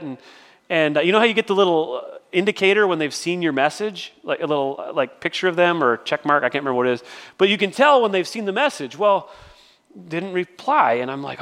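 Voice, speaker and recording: Lively and fast, a middle-aged pastor preaches in a fairly high, fairly bright voice. His sermon unfolds as conversational stories with many restarts, echoing with the long reverb of a large church sanctuary.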